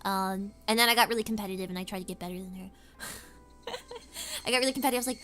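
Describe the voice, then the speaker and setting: A woman's voice: medium pitch, quick pace, fairly bright tone, faint music behind. A woman streamer chatting casually, rambling through stories with lots of filler words. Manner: rambling, filler-heavy storytelling.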